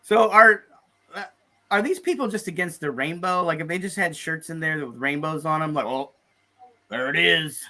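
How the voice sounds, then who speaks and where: A man's voice: on the high side, moderate pace, sharp tone. A man co-hosting a casual news chat, asking wry, incredulous questions. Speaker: co-host.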